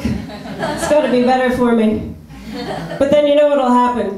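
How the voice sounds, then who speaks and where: A woman comedian with a high-pitched voice delivers a wry stand-up set. The club room rings with strong echo. A crowd laughs along behind her. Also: moderate pace. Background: audience laughing.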